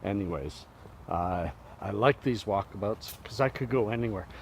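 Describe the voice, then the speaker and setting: A man's voice: on the low side, normal speed, gravelly, rough recording. A middle-aged man vlogging casually on a walk outdoors, rambling in a laid-back, self-deprecating way, filmed on a phone camera. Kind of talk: casual vlog monologue while walking. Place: outdoors walking toward a river. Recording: outdoor phone recording with traffic noise.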